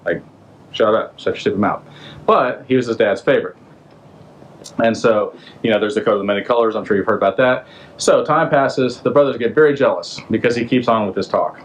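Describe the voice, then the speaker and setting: A podcast host casually retelling a Bible story in a loose, slangy, conversational way, stopping to ask the listener questions. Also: male voice, mid-range voice, brisk, slight background noise, low-quality recording.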